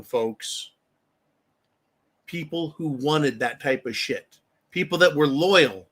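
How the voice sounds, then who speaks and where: A man's voice: on the high side, fairly bright tone. Profane, angry man ranting. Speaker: host. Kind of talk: profane political rant.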